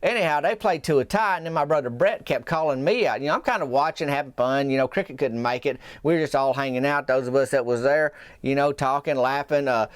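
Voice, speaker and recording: A man telling a rambling comic tall tale as a podcast host, folksy and meandering with deadpan asides. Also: mid-range voice, fast talker, hardly any pauses, no echo, clean studio sound.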